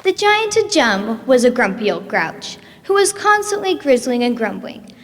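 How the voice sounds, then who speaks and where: A woman's voice: on the high side, sing-song, normal speed, a little hiss or hum. Rhythmic young female reciter, echoing hall. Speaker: student storyteller. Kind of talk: rhyming storytelling performance.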